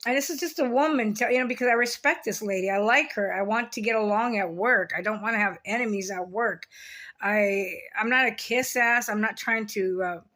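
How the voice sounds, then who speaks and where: A woman's voice: on the high side, a little fast, sharp tone. A middle-aged woman talking to camera in a casual confessional monologue, blunt and rambling, swearing heavily as she restarts her sentences. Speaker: vlogger.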